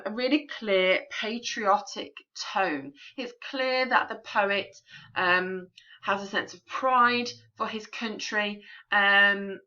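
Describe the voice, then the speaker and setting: A woman teacher talks through a poem for a recorded remote lesson, patient and clear with plenty of ums. Her voice is bright and forward. The sound is a little dull and lo-fi, like a home recording. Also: medium pitch. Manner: clear, patient classroom explaining with frequent ums.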